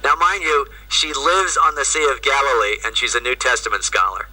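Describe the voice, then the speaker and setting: A man, a Jesuit priest, telling a lively, humorous story in a conversational way with frequent asides. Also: medium pitch, brisk. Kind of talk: anecdotal storytelling talk. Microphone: video call. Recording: distant, remote audio.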